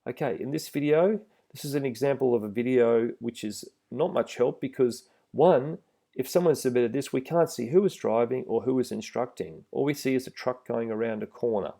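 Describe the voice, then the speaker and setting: A middle-aged man giving a relaxed, plain-spoken instructional talk to trainee driving instructors, with some fillers. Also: medium pitch, normal speed, gravelly. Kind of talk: instructional voice-over with slides.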